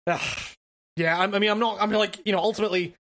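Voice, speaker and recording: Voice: mid-range voice, fairly even intonation, fast talker, fairly bright tone. A podcast co-host in casual gaming chat, talking hesitantly with stammering restarts and casual swearing.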